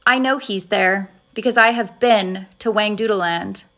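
A woman voicing a wise, patient older male professor who speaks slowly and distinctly in a storybook reading. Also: medium pitch, a bit bright, lightly acted. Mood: earnest. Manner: slow, distinct and earnest.

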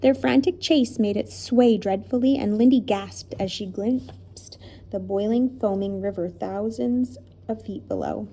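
A woman reading a children's story aloud in an expressive, dramatic way. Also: mid-range voice, a little slow, slightly rough.

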